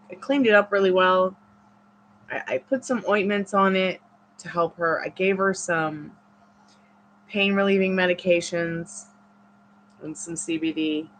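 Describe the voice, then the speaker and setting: A woman's voice: on the low side, a bit bright, a little hiss or hum, poor audio. A woman hosting a casual livestream, chatting in a rambling way full of fillers while outdoors at home. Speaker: tarot reader livestream host.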